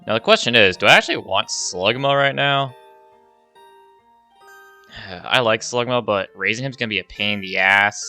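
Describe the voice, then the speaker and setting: A young man narrates his game run in a loose, rambling play-by-play, swearing and sighing when things go wrong. His voice is bright and sharp, sitting a bit low. Soft music plays faintly under him. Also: expressive, a little fast, few pauses. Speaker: gaming YouTuber. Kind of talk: casual game commentary.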